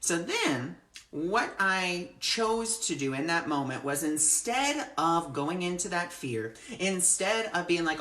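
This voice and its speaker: A woman with a low voice leads a live-streamed spiritual talk in an earnest, expressive way. She speaks to her viewers directly and greets them as their comments come in. Her voice rings in a roomy echo. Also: slow pace. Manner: earnest and expressive, acts out her own panic. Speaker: spiritual teacher hosting a live discussion.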